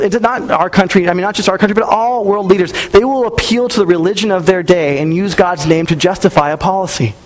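High-voiced conversational male pastor. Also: low-quality recording. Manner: conversational, storytelling with acted-out quotes. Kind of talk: sermon.

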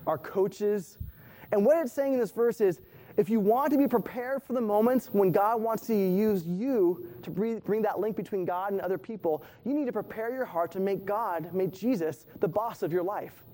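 A man's voice: high voice, mellow. A man preaching to his church in a conversational sermon, repeating phrases for emphasis. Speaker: pastor.

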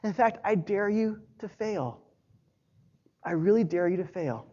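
High-voiced earnest male pastor preaching. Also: lively intonation, a little slow, mellow, lo-fi sound. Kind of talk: sermon.

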